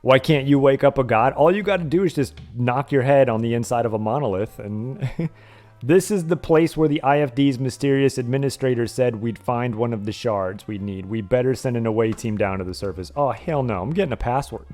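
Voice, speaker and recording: A man's voice: mid-range voice, a little fast, soft background music. A man streaming a retro game, casually retelling a TV episode with lots of swearing and frequent laughter. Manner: profane, laughs often, animated storytelling.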